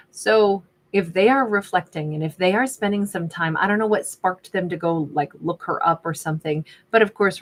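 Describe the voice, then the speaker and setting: A woman doing a casual tarot reading, chatty and sassy, laughing often and reading out viewer names. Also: lowish voice. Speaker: tarot reader.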